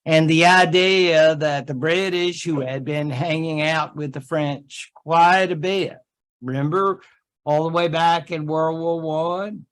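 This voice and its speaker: Slow-talking male history lecturer. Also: fairly high pitch, fairly even intonation, a bit bright. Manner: chatty, joking asides with quick put-on quotes. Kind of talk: classroom lecture. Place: classroom.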